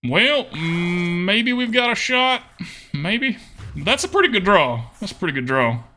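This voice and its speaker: A young man streaming a card game, his fairly high voice bright and edged, swinging widely in pitch. He talks casually through each move, thinking aloud with soft hums and doubled okays. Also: very animated, a little slow. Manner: thinks aloud with murmured hmms and repeated okays. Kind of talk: casual live gameplay commentary.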